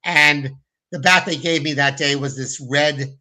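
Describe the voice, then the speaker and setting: A film director, guesting in a casual interview, tells stories in an unhurried voice on the high side, captured on a rough recording. He's animated, acting out quotes in put-on voices and restarting his sentences a lot.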